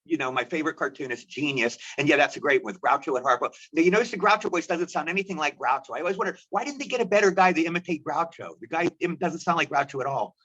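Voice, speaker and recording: A man from the United States, an actor, telling animated anecdotes as an interview guest. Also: a little high, quick pace, few pauses. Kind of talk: storytelling interview. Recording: dull lo-fi audio.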